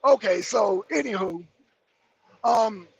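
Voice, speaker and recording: Man, high pitched and husky, heated profane livestream ranter reading comments. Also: slow, lo-fi sound. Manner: heated, profane, repeats and mocks viewer comments. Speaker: YouTube commentator.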